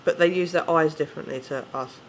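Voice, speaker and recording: A man's voice: on the high side, fairly even intonation, fast talker. English man, ranting vlogger, swearing, rambling, faint background noise. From England. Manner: swearing, rambling, self-correcting. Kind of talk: casual rant to camera.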